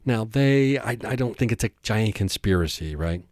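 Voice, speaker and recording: Male podcast host with a low voice, dry sound, casual rambling comedic monologue. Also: expressive, normal speed, a little mellow, no echo. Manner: rambling, jokey, earnest.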